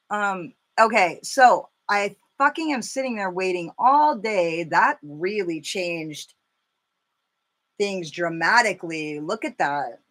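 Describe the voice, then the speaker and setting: A woman in her thirties chatting casually and cursing freely as she does her makeup live for viewers, telling stories with animated energy. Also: fairly low pitch, slow pace. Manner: chatty, profane, animated storytelling. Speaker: makeup vlogger.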